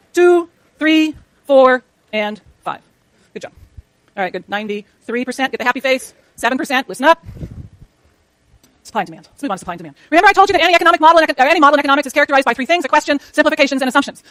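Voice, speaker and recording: In a high, fairly bright voice, a middle-aged woman races through a university economics lecture. Chatting with the class, she poses question after question to the students. The recording is dry and close.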